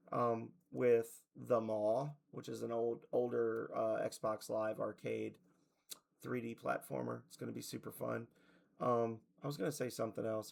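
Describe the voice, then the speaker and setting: A gravelly-voiced man chats loosely to his stream viewers, his voice worn and half gone. He rambles, restarts and leans on "like" at a mid pitch. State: losing his voice. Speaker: game streamer. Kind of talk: casual stream chat to viewers.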